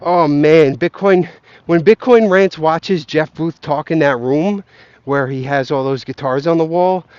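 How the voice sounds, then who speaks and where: A man's voice: on the high side, a little slow, hardly any pauses, darkish tone, smooth, no echo. Young man, casual rant, swears a lot, rambling, self-doubting, outdoors, dull lo-fi sound. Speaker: vlogger. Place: outdoors, near geese. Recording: muffled lo-fi recording.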